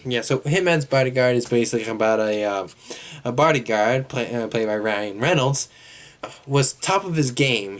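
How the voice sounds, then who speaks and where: A young man talks through a movie review with no script and an ordinary mid-range voice. He rambles, halts and restarts his sentences often, leaning on fillers like "uh" and "like" as he works out what he thinks. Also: medium pitch. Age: young adult. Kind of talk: casual unscripted movie review.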